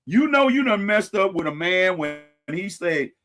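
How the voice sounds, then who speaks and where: A man hosting a live-stream commentary, pitched a touch high for a male voice. He talks casually and animatedly straight to his viewers, throwing in folksy sayings and wry asides. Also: big pitch swings, moderate pace, a bit bright. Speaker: host.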